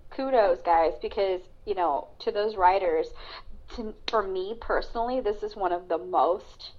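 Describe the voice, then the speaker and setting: A woman co-hosting a podcast, chatting casually about a film with lots of fillers and restarts. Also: medium pitch. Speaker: podcast co-host. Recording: dull lo-fi sound.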